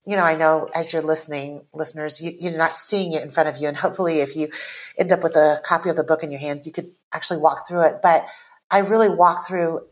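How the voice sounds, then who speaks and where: A woman in her forties, born in Taiwan and raised in the US, speaking earnestly as a podcast guest and reading her own writing aloud slowly. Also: deep voice, steady tone. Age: 40s. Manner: reflective, earnest, slows down when reading. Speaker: author guest.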